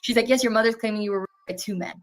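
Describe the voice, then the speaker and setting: A woman's voice: medium pitch, very fast. A woman in her twenties, a guest telling a personal story in an earnest, indignant way and acting out each exchange as she goes. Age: 20s.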